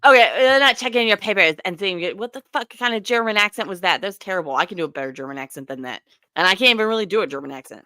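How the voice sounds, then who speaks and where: Animated young woman co-hosting a livestream. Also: mid-range voice, rapid-fire, dry recording, clean studio sound. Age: young adult. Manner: animated, profane, laughing asides to viewers. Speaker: livestream co-host. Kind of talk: casual commentary chat.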